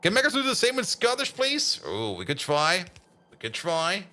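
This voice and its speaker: Chatty male streamer, casual commentary, high and lively, laughs a lot. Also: normal speed. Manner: chatty, laughs often, teasing. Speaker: game streamer.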